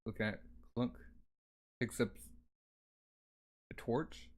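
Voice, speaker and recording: A man's voice: medium pitch, slow. Casual man reading a comic aloud. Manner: offhand, filler-heavy narration. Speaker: reader.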